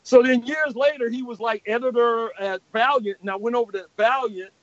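An older man, a comic artist guest, telling lively anecdotes with laughs and acted-out voices. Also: very high voice, a little fast. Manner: animated, laughing, acts out quoted voices. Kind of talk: anecdotal storytelling. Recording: dull lo-fi recording.

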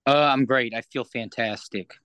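Casting: male podcast co-host, mid-pitched, playful, close dry mic. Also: moderate pace, a bit bright, clean tone, no echo. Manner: playful, jokey asides. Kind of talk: casual chat.

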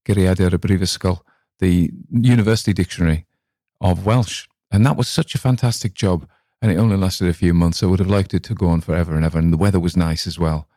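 Low-voiced rambling northern English man. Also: fast talker, warm tone, no room sound, clean studio sound. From north of England. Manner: rambling, chatty, with many restarts and asides. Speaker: podcast host and story reader. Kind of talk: casual chat about a story.

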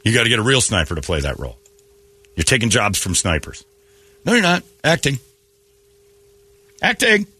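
A man hosting a morning radio show, ranting sarcastically about the news and slipping into quick mocking quotes. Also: lowish voice, wildly swooping pitch, sharp tone, husky. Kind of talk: opinionated morning radio banter.

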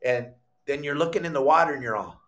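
A middle-aged man hosting a live fishing podcast, telling a story with lively acted-out quotes and bursts of shouting. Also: fairly high pitch, fast talker. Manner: animated storyteller, acts out quotes, shouts when excited. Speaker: podcast host.

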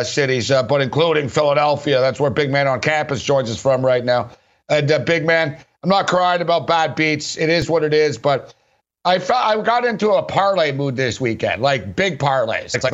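A man's voice: fairly high pitch, moderate pace, muffled recording. A middle-aged man hosting a sports radio show, talking bluntly and rambling about betting and football. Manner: rambling, blunt, keeps saying "big man". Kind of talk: casual sports betting talk.

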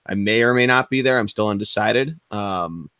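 A man's voice: on the low side, moderate pace, smooth, no room sound. Laid-back young man on a dry podcast mic. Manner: relaxed, rambling, swears casually. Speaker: podcast co-host. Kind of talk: casual sports podcast chat.

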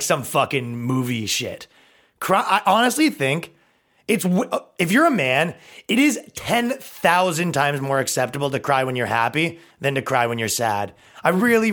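Animated, profane man ranting on a podcast. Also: on the high side. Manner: profane, mocking, animated with put-on voices. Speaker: podcast host. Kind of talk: comedic podcast rant.

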